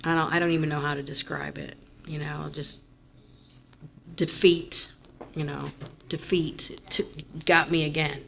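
A woman's voice: low-pitched, flat delivery, a little slow, vocal fry, long pauses, a little hiss or hum. A woman giving a candid, rambling personal testimony at a recovery meeting. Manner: candid, rambling, rising to loud frustration in retold moments. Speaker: member sharing at a recovery meeting.

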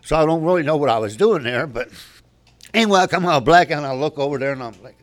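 A man's voice: fairly high pitch, lively intonation, fast talker. An older man telling his personal recovery story at a meeting, candid and rambling, often restarting his sentences.

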